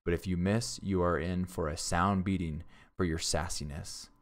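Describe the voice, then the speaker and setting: A loud, sneering head forester, bellowing his taunts with a booming laugh, as a man puts him on in a storybook read-aloud. The voice sits low and carries with a heavy, scornful force. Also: fairly even intonation, moderate pace, close to an everyday voice. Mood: taunting.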